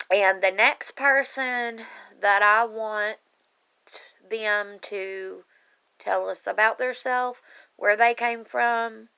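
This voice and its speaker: A woman's voice: medium pitch, vocal fry, sharp tone, clean tone. A woman speaking earnestly and emotionally to her online group on camera, rambling a little as she talks straight to her viewers. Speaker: online group member sharing her life story. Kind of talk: casual heartfelt live video talk.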